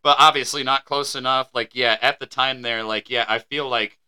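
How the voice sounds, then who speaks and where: A male podcast co-host in a casual chat who laughs often, rambles and reads aloud haltingly. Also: medium pitch, steady tone, bright, forceful tone, clean tone. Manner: laughing, rambling, hesitant reading.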